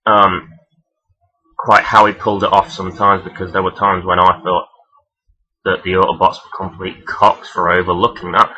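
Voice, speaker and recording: Man, deep voice, husky tone, casual vlog rant, swears a lot, lots of ums. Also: pushed and bright, low-quality recording. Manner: rambling, profane, many fillers. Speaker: vlogger ranking toy robot characters. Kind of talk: casual unscripted countdown talk.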